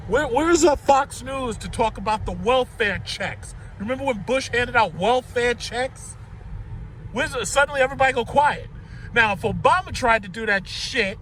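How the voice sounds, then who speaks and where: High-voiced man ranting while driving. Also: a bit bright. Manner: ranting, sarcastic, profane. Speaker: vlogger commenting while driving. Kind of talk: ranting car vlog. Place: in a car in city traffic. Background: faint traffic noise.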